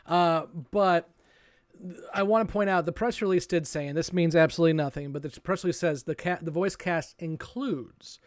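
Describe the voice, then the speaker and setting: A man's voice: a little high, normal speed, no room sound. Male podcast host, casual and musing, reads listener questions, dry close sound. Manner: reads listener questions, thinks aloud with hesitations.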